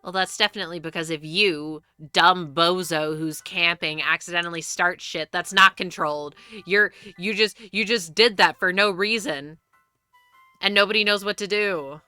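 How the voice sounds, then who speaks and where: Bright, smooth-voiced young woman streamer. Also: fairly low pitch, normal speed, no echo, soft background music. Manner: rambling, swears freely, many restarts. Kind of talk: casual live-stream chat.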